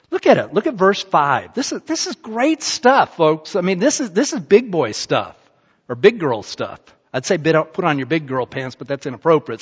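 A man's voice: fairly high pitch, big pitch swings, moderate pace, husky. A male pastor preaching a sermon in a conversational, emphatic way, repeating phrases for stress. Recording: muffled sound with long reverb in a large hall.

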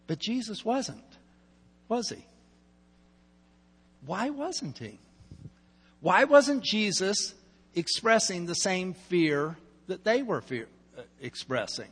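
High-voiced husky male pastor preaching. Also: very animated, takes it slowly, pauses often. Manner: storytelling with asides, swings between loud and hushed. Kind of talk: sermon. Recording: long hall reverb.

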